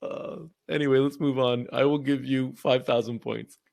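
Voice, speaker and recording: A man's voice: mid-range voice, steady tone, normal speed, creaky, a little mellow, no room sound, clean studio sound. A man co-hosting a podcast, chatting casually, laughing often and telling stories with animation. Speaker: podcast co-host. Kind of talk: casual chat.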